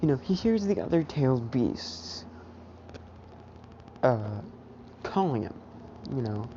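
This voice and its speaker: A woman narrates a fan what-if story in a casual, rambling way, full of fillers. Her voice is very deep and unhurried. The recording is dull and lo-fi with a faint hiss. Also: very animated, mellow.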